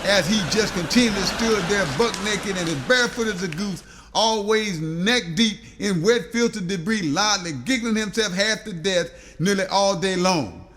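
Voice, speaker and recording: A man's voice: sits high, moderate pace, a bit bright, a little hiss or hum. A man reading a comic audiobook story aloud, rambling through long lists with stumbles and repeats.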